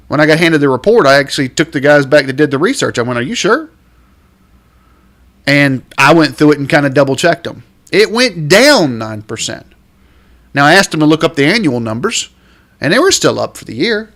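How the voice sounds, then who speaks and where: A fairly high-voiced man hosts a podcast and vents with real exasperation, his pitch jumping around a lot. He stretches out the words he stresses for emphasis. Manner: lively, drawn-out stresses on key words. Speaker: realtor and podcast host. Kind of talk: podcast rant.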